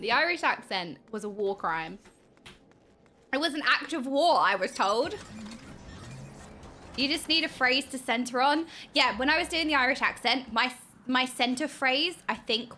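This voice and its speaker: Unhurried and pausing often, this high-voiced streamer keeps up giddy, playful game commentary for her viewers, letting out squeals when something excites her, over soft background music.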